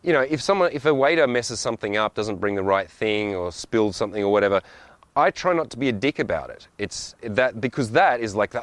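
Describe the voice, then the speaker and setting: A man's voice: on the low side, lively intonation, a little fast, dry recording. A man talking in a blunt, profane, rambling monologue with frequent asides. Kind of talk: casual monologue.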